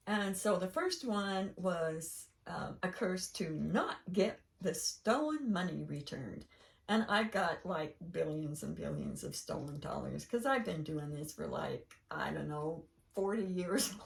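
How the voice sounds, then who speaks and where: Older lady chatting away, gravelly fry, kinda far from the mic, rambles and laughs. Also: lowish voice, measured pace. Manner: rambling, animated storytelling with laughing asides. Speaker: podcast host. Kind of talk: casual chat.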